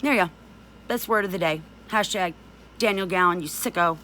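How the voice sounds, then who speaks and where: A woman's voice: fairly low pitch, brisk, sharp tone, slight background noise. Angry middle-aged woman ranting to camera. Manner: angry, accusing, emphatic. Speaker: abuse survivor speaking out. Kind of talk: direct-to-camera vlog rant.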